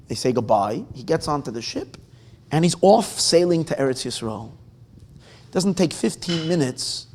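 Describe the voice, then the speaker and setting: A rabbi tells a story to a gathering, his pitch sitting a little high for a man. He swings his voice up and down freely and acts out the characters' lines. A gravelly rasp runs under his words. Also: a little mellow. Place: gathering room with guitar nearby.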